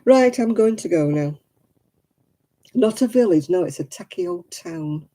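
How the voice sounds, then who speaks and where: A woman's voice: on the low side, expressive, unhurried, dark tone. A woman hosting a crafting livestream, chatting frankly and casually with viewers and calling them by name.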